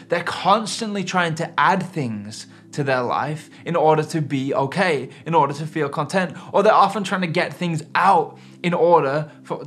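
A man's voice: on the high side, fairly bright tone, slight background noise. A man preaching a sermon in an earnest, emphatic way. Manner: earnest, emphatic preaching with rising and falling intensity. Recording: faint music underneath.

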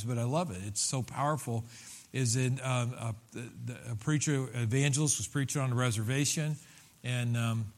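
A male pastor preaching a sermon in a loose, conversational way, with many restarts and fillers and bursts of emphasis. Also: mid-range voice.

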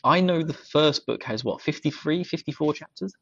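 A British man chatting loosely as a podcast co-host, breaking into laughter between jokes. His voice sits at a middle pitch and comes through a slightly dull, dry microphone with no room sound. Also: moderate pace, gravelly, a bit bright, no room sound. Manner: laughs often, joking. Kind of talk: casual banter.

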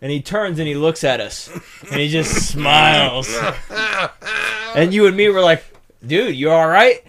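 Storytelling podcast guy, slightly high voice, talking over loud group chatter. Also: measured pace, pauses often. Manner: animated, profane storytelling. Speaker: podcast co-host. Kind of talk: casual chat among friends.

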